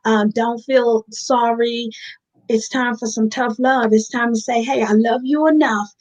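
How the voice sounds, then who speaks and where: Woman, high voice, heartfelt and candid, slightly dull lo-fi sound. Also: steady tone, a little slow. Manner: earnest, heartfelt, addresses listeners as y'all. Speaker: guest in recovery. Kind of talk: candid interview talk.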